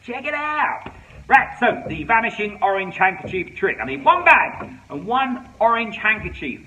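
A man's voice: sits high, sing-song, moderate pace, pushed and bright, lo-fi sound. A man performing a comic magic show for children, playful and bumbling, talking straight to young viewers. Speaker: children's entertainer. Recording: slightly distant with faint background noise.

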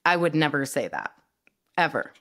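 A woman's voice: low-pitched, very animated, normal speed, a bit bright. A woman co-hosting a podcast in casual chat, playful and sarcastic by her own account. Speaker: podcast co-host.

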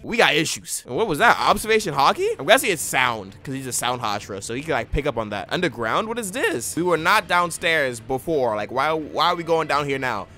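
A young man giving excitable anime reaction commentary with a slangy, joking manner. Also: fairly high pitch, fairly quick, hardly any pauses, faint music behind.

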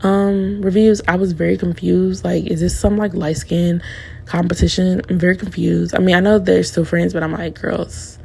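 A woman in her twenties gives a candid, slangy, opinionated recap of a reality show, talking straight to her viewers. Her slightly low voice is gravelly and warm with a husky edge, delivered flatly at normal speed.

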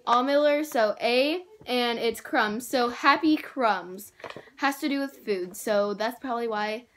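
A woman's voice: on the high side, measured pace, a bit bright, a little hiss or hum. A young woman, gushing over toys in a casual vlog and saying "like" and "oh my gosh" a lot. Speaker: vlogger. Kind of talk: excited haul vlog.

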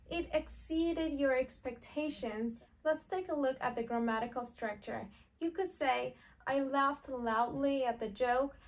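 A woman teaching an online English lesson, modeling example sentences slowly and clearly for learners to repeat. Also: sits high.

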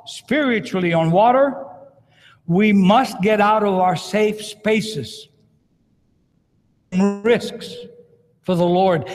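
A priest preaching a dramatic sermon in a large cathedral, acting out scripture as he goes. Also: high-pitched. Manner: dramatic, retells scripture with acted quotes. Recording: long cathedral reverb.

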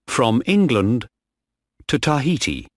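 A man reading a story slowly and clearly for English learners. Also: medium pitch, no echo, clean studio sound. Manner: very slow, clearly phrased, lively intonation. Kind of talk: slow scripted narration for English learners.

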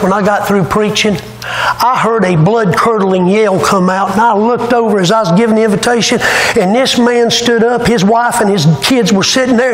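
A man preaches a revival sermon in a high, ringing voice. He tells his stories with fervor and rises to loud, urgent peaks. The church room is echoey, with faint ambience behind him. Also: a little hiss or hum. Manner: fervent storytelling preacher, rising to shouts. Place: church sanctuary.

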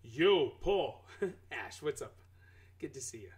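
This live game streamer addresses his chat head-on, ranting with animated exclamations while his pitch swings wildly. The recording is slow and rough.

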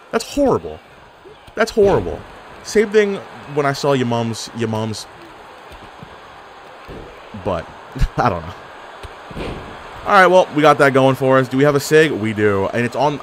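A young man giving sarcastic, animated trash-talk commentary over his own online wrestling game. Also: medium pitch, normal speed, long pauses, a little hiss or hum. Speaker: gaming YouTuber. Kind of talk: live gameplay commentary.

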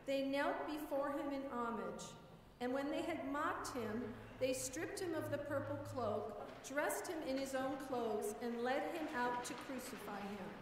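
Lady lector reading scripture, high voice, distant mic in a big echoey church. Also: noisy background. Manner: measured, steady proclaiming. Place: large church.

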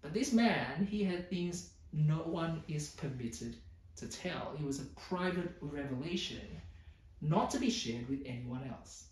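Pastor guy preaching, kinda high voice, echoey room, mic a bit far off. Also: a little slow. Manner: explanatory, lively emphasis with mock boastful asides. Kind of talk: sermon.

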